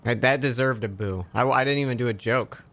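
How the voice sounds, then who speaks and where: A man's voice: medium pitch, a little fast, a bit bright. Rambling joke-telling male streamer. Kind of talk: casual live-stream chat while gaming.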